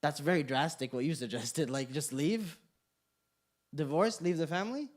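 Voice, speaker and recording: A man's voice: on the high side, normal speed. A young man leads an evening class with a slightly raised voice. He talks loosely and jokes a lot. He keeps tossing questions out to the room. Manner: animated, joking, questions the room. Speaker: class instructor. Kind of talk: interactive class talk. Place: community center classroom.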